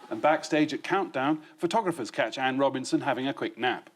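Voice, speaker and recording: A man guest-hosting a comedy news quiz in a TV studio, reading questions with dry, deadpan punchlines. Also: medium pitch, noisy background. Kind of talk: scripted panel-show hosting. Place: TV studio with live audience.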